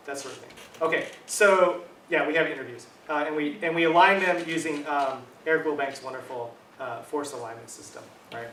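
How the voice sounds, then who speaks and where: A man's voice: fairly high pitch, a little fast, fairly bright tone, a little hiss or hum. Man lecturing casually in an echoey room. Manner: casual, conversational lecturing with frequent "um", "right?". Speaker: university linguistics lecturer. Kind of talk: academic talk. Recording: echoey room, mic at a distance.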